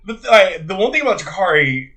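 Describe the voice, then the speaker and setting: A man's voice: high voice, very animated, fast talker, fairly bright tone. A man in casual conversation, curious and asking questions, laughing often. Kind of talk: casual chat.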